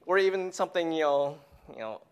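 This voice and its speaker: A preacher giving a sermon who tells a family story and drops to a hushed whisper on key points. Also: medium pitch, expressive, a little fast, clean tone.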